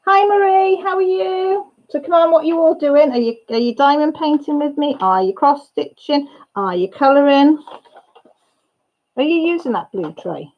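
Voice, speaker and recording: A woman hosting a casual chat livestream, excitable, laughing and greeting viewers by name. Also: sits high, normal speed. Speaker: livestream host. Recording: dull lo-fi livestream sound.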